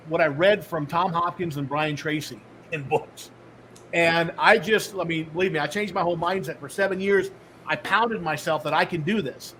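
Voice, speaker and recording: A middle-aged man, a guest on a podcast, telling his life story with animated storytelling and acting out the dialogue. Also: fairly high pitch, slight background noise, low-quality recording. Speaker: podcast guest, author and speaker.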